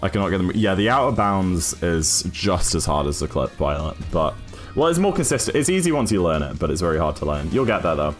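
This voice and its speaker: A man's voice: sits low, sing-song, brisk, faint music behind. A British man chatting casually with his live-stream chat while speedrunning a game. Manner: chatty, apologetic, reads chat aloud.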